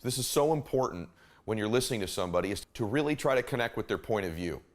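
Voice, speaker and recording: A man's voice: lowish voice, expressive, fast talker. A man giving a motivational talk, speaking emphatically, repeating his key phrases and shifting his pace and volume to make a point.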